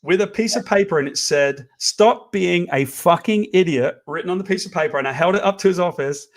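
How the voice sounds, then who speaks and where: A man co-hosting a casual chat, telling a long story with lively, profane energy. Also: sits high, quick pace. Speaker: co-host.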